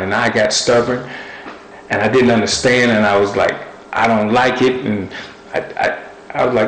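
A man's voice: mid-range voice, flat delivery, moderate pace, fairly bright tone, roomy sound, slight background noise, low-quality recording. A man preaching a sermon, speaking earnestly and building his points through repetition.

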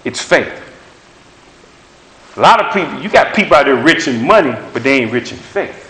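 With an animated delivery at a moderate pace, a man with a slightly high, somewhat bright voice preaches a sermon containing prophetic words. He stays emphatic and conversational, repeating phrases for emphasis in an echoey room.

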